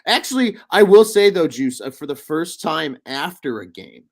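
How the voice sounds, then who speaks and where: A young adult man co-hosts a casual sports talk podcast, chatting and rambling with frequent fillers and restarts. His voice is slightly high and sing-song at a normal speed, with no room sound.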